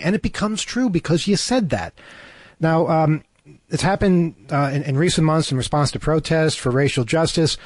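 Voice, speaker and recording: A man co-hosts a talk show over a remote call, reading news items and cutting in with sarcastic asides, hesitant and full of fillers and restarts. His voice is fairly high and expressive, at a moderate pace, with no room sound.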